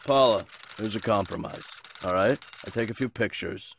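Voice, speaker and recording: A man voicing a blunt, self-serving middle-aged coach who rambles and pushes in a deadpan way. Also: on the low side, moderate pace, creaky, slight background noise.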